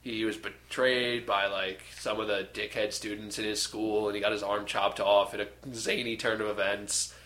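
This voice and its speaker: A man's voice: lowish voice, level tone, moderate pace, hardly any pauses, fairly bright tone. A young man in casual chat, retelling a movie with lots of fillers and acted-out bits. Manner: rambling, filler-heavy, acts out scenes. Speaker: podcast co-host. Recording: echoey room.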